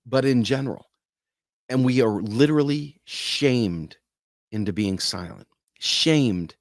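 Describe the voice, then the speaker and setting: A man's voice: medium pitch, dry recording, studio quality. A man hosting a casual talk to camera, earnest and speaking plainly, sometimes acting out other people's voices. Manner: earnest, acts out quoted voices. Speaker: host.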